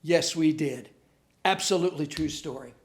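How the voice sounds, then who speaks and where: Acting out the conversations in his stories, a middle-aged comedian leads a lesson on bullying in a vivid, animated way. His voice is fairly high, his speed normal, and the space echoes.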